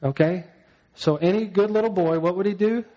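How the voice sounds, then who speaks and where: A man's voice: high-pitched, a little fast, muffled recording. A male pastor preaching a sermon, telling a story and asking the congregation questions.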